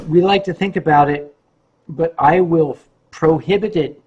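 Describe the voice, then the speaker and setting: A man's voice: high voice, normal speed, breathy edge. A middle-aged man hosting a casual livestream, answering viewer questions in an emphatic, declaiming way. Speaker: host of a wine-tasting livestream.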